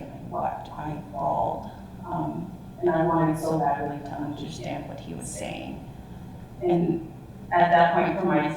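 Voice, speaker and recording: A woman's voice: sits low, a little mellow, slight background noise. A woman presenter giving a reflective, personal account to a listening audience, often searching for words. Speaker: language team presenter. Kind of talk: public talk with audience questions. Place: museum talk room. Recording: echoey room, far from mic.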